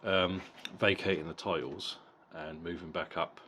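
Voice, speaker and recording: Deep-voiced blunt man reviewing a boxing fight. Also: fairly even intonation, measured pace, background noise. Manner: blunt and profane, with frequent repeated words. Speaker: boxing vlogger.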